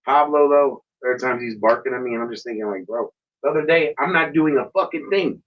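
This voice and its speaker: Husky man in casual podcast chat. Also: medium pitch, brisk. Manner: profane, animated storytelling. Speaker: podcast co-host. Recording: dull lo-fi sound.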